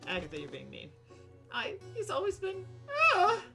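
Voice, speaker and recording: A woman live-streams a story game, reading every character's lines aloud and breaking into laughter between them. Her voice swings widely in pitch and sounds bright and clear, while faint music plays behind her. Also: huge pitch swings, normal speed.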